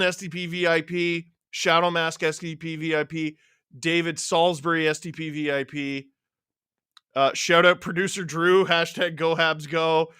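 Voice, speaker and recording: A man hosting a live watchalong stream, excitedly reading out viewer names and swearing freely. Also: fairly high pitch, clear, resonant tone, dry recording, studio quality.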